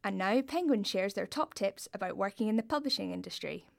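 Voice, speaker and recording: A woman hosts a podcast and reads a scripted introduction in an upbeat way. Her voice has a lot of vocal fry at a medium pitch. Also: expressive, a little fast. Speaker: podcast host.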